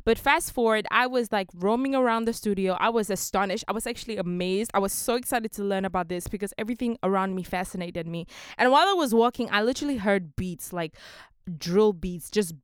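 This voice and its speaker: A woman's voice: mid-range voice, a little fast, clean tone, no echo, clean studio sound. A young woman from Africa hosting a casual motivational podcast, earnest and emphatic, repeating her key phrases. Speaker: podcast host.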